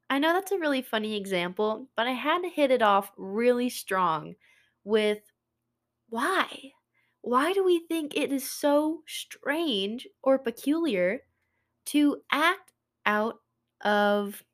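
Slow-spoken woman hosting a podcast. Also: a little high, lively intonation. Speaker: podcast host. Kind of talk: heartfelt self-help podcast talk.

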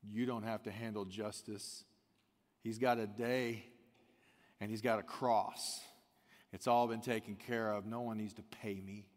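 Slow-preaching man in a reverberant hall. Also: lowish voice, level tone. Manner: preaching with rhetorical questions, swinging from loud to hushed. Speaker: pastor. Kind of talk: sermon.

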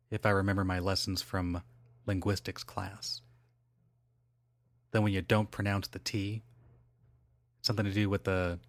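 A man's voice: on the low side, no room sound. A man hosting a solo podcast, chatting casually in a rambling, digressive way with lots of fillers and self-corrections. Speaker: podcast host.

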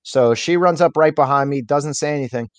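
A man's voice: on the high side, a little fast, smooth, no room sound. A young man telling a personal story as an interview guest, candid and rambling, with many fillers.

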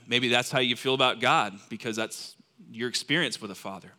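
Bright-voiced man preaching with emphasis. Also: medium pitch. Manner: emphatic, swings between loud stresses and soft asides. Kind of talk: sermon. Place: in front of a room of listeners.

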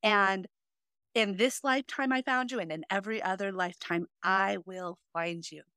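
A woman's voice: medium pitch, moderate pace, bright, forceful tone, clear, resonant tone, no echo, clean studio sound. A woman co-hosting a podcast, talking earnestly and openly in casual chat, with lots of "you know" and "um". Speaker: podcast co-host.

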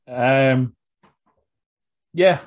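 A man's voice: mid-range voice, drawn-out words, highs cut off. A Scottish man co-hosting a podcast, bantering casually, laughing often and swearing freely. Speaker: podcast co-host.

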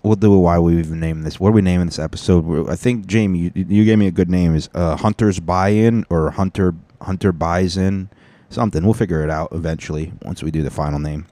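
Man hosting a podcast, low dark voice, rambling and joking, dry sound. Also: fairly even intonation, brisk, no room sound. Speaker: podcast host. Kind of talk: casual chat.

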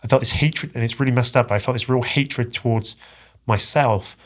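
A man telling a personal story as a podcast guest, halting and earnest, often repeating his words. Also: medium pitch. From England.

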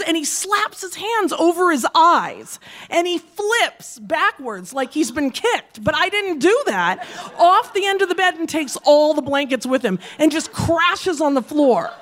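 A woman telling a comic personal story, profane and animated, acting out the quoted lines with shouts and laughing through the telling. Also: very high voice, measured pace.

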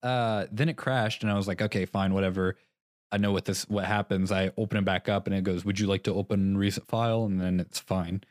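Rambling young man, low dry voice. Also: fairly even intonation, brisk, no echo. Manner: rambling, self-interrupting, laughing at himself. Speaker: podcast co-host. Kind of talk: casual chat.

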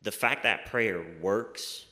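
A man with a very deep voice and a bright, forceful tone tells an earnest faith story. The sound carries a long reverb, as if recorded in a large hall. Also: slow pace. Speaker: guest sharing a testimony. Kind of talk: casual faith talk.

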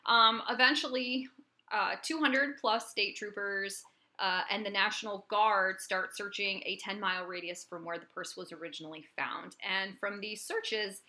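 A woman's voice: mid-range voice, moderate pace. A woman co-hosting a podcast, telling a true-crime case in a chatty, casual way. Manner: chatty and animated, with lots of fillers. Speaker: podcast co-host and storyteller.

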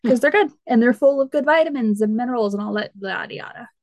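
Co-host, woman, bright higher voice, chatty and animated, dry close recording. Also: quick pace, no room sound. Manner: chatty, animated, laughing asides. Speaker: podcast co-host. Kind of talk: casual chat.

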